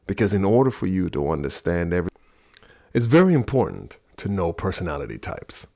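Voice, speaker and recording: A middle-aged man hosting a talk on personality types, telling a story in an animated way. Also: low voice, fairly quick, vocal fry. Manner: animated storyteller, acts out quoted voices. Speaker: podcast host teaching personality types.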